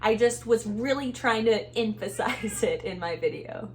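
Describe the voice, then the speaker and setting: A woman's voice: fairly high pitch, a little slow. A young woman with a Texan accent giving upbeat, chatty advice in a casual vlog, laughing often. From Texas. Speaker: vlogger, former reality show contestant.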